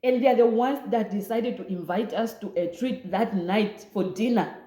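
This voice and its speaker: Mellow-voiced woman telling a story. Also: medium pitch, normal speed. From Namibia. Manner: animated, acts out quoted voices. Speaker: vlogger. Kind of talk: casual storytime vlog. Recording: roomy echo.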